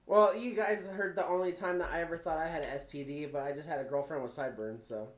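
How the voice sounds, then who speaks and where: A man's voice: a little high, fairly even intonation, quick pace. Casual male podcast host, laid-back and loose, recorded in an echoey room. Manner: laid-back, swears, laughs often. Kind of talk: casual chat.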